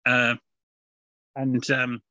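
A man's voice: mid-range voice, completely flat delivery, extremely slow, pushed and bright, no echo. A man co-hosting a casual podcast, rambling along with plenty of fillers and restarts. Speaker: podcast co-host. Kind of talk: casual chat reviewing comics. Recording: dull lo-fi podcast audio.

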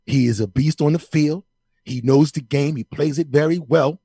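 A man doing an impression of a loud, preachy male sports pundit on a podcast. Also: a little high, moderate pace, slightly rough, no room sound, studio quality. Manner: emphatic, declaiming, indignant.

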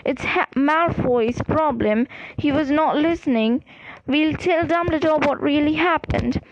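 Woman doing teen boy wizard, pointed and sure, high slow voice. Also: highs cut off, background noise. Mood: determined. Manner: pointed, quick to defend. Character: determined teenage schoolboy wizard.

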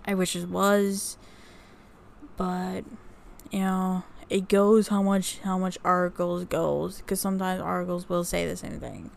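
A woman's voice: fairly low pitch, level tone, creaky, slight background noise. A woman vlogger talking casually about what she has researched, rambling with many fillers and restarts. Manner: unhurried, reading notes off research. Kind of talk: casual talk to camera.

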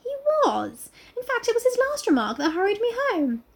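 A woman voicing an earnest young woman in a read-aloud novel, speaking in a measured, careful way. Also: extremely high pitch, sing-song, vocal fry, pitched above the performer's own voice, exaggerated voice.

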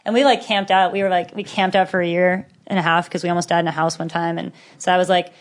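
A woman in her thirties, a podcast guest in casual conversation, telling stories with lively acted-out quotes and frequent laughter. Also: on the low side, fast. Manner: animated storyteller who acts out quotes, laughing often.

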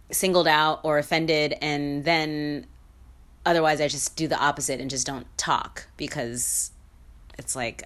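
A woman hosting her own podcast, talking through her opinions in a candid monologue with frequent fillers, restarts and small laughs. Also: low voice. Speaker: podcast host.

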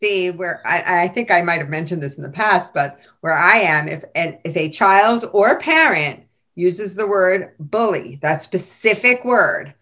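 A woman's voice: fairly low pitch, a little slow. A woman hosting a casual teacher podcast, reading out classroom stories with frequent laughter. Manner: lively storyteller who laughs often.

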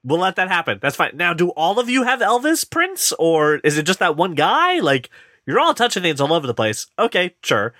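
A man co-hosting a casual movie podcast, rambling and animated, putting on voices to mock scenes. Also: sits high, moderate pace, dry recording, studio quality. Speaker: podcast co-host. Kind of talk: casual movie review chat.

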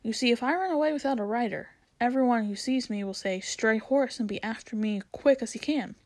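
A woman voicing a proud, bossy male talking war horse in a storybook read-aloud, brisk and commanding. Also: fairly high pitch, a little mellow, no room sound, lightly acted. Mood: urgent.

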